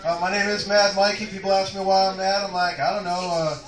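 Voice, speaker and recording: A man doing a stand-up comedy set in a comedy club, loud, profane and rambling. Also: sits high, little pitch movement, fairly quick, far from the mic. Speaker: stand-up comic. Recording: echoey club room, mic from afar.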